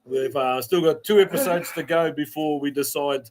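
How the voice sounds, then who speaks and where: A man's voice: a little high, normal speed, a little mellow, slight background noise. An Australian man co-hosting a podcast, laid-back, telling a crude joke and laughing often. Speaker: podcast co-host. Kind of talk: casual chat, joke-telling.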